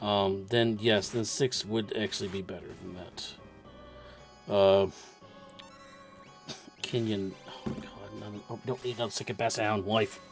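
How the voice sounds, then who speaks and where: A man commentating a video game match in a relaxed, chatty way. He walks through the strategy step by step and laughs easily. Faint music plays underneath. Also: fairly low pitch, a little slow, pauses often. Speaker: esports commentator.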